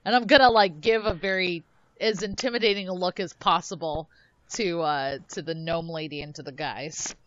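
A woman's voice: lowish voice, normal speed, dull audio, a little hiss or hum. A woman player in a tabletop game, talking casually with a playful, bold manner.

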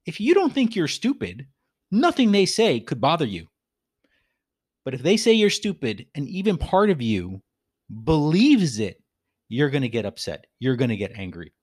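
A man's voice: on the high side, wildly swooping pitch, normal speed, darkish tone, breathy edge, no room sound, studio quality. A man hosting a reflective business talk, speaking earnestly and repeating phrases for emphasis. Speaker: podcast host.

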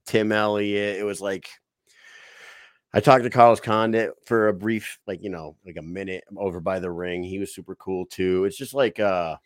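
Podcast host, male, lowish voice, swears freely, animated storyteller, dry close recording. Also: normal speed, no echo. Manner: profane, excitable storytelling. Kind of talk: casual storytelling chat.

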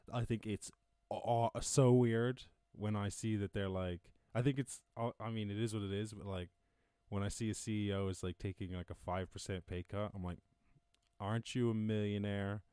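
Deep-voiced Irish man, chatty and laughing. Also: darkish tone, clear, resonant tone, no echo. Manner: chatty, swears freely, laughs at his own jokes. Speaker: podcast host. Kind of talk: casual live-stream news commentary. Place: home during lockdown.

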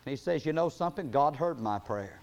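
A man preaching a sermon, reading scripture in a slow cadence and rising to loud emphatic peaks before dropping low and soft. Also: lively intonation, dull audio.

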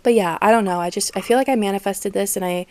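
A woman's voice: medium pitch, fast talker, no room sound. A woman in her twenties hosting a casual solo podcast, talking candidly, swearing freely and laughing often. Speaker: podcast host.

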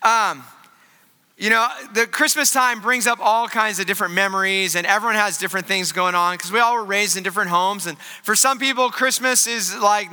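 A man's voice: high voice, pushed and bright, clear, resonant tone, big-room sound. A man preaching a sermon in a casual, joking, conversational way, full of fillers. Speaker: pastor.

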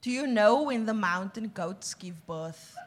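Woman reading scripture aloud, steady. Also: medium pitch, measured pace. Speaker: scripture reader.

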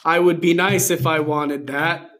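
A sarcastic young woman as a reader puts her on, snide and impatient. The lines are drawn out slowly and mockingly, as if rolling the eyes at every word. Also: mid-range voice, fairly even intonation, a bit bright, lightly acted.

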